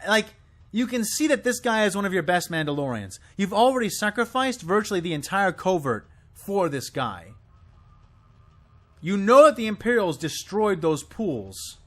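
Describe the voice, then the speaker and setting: At a moderate pace with big pitch swings, a man rants to camera about a show, impassioned and exasperated. His delivery is high and swooping, punctuated by swearing and sputtering.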